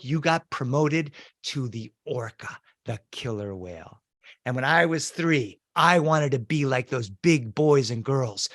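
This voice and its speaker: A middle-aged man telling children's stories on a video call, with a lively, animated delivery. His voice sits a bit high and sounds dry and close to the mic. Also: no echo. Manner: lively, animated, greets the audience. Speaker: children's storyteller. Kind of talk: storytelling for kids over video call.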